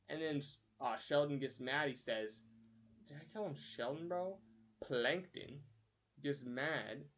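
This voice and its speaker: A young man streaming, rambling through a story and counting aloud while he draws. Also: mid-range voice. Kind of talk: casual live-stream chat.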